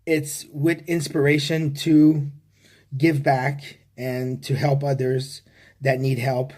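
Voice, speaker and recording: A man talks straight to his camera in a mid-pitched voice, rambling through a confession. He stops and restarts often and swears casually as he goes. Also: flat delivery, darkish tone. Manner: halting, with many restarts and fillers. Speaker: vlogger.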